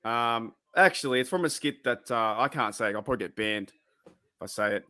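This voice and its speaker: Australian man, mid-pitched voice, joking, quick questions, casual stream chat. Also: bright, forceful tone. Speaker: co-host of a draft watch-party stream.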